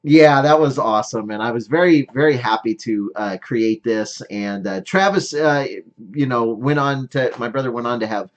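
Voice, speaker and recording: A man's voice: mid-range voice, normal speed, highs cut off. Rambling middle-aged man showing a sculpture. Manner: rambling, lots of fillers, self-deprecating. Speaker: sculptor showing his work. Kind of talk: casual show-and-tell vlog.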